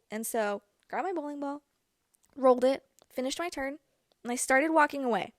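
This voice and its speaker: A woman's voice: on the high side, normal speed, no echo, studio quality. A young woman hosting a podcast, telling a personal story in a chatty way with many fillers. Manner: chatty, filler-heavy, animated retelling. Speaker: podcast host. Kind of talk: casual storytelling.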